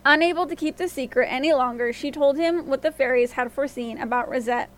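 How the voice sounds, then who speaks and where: A woman storyteller narrating a fairy tale in a gentle, expressive reading voice. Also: sits high, brisk.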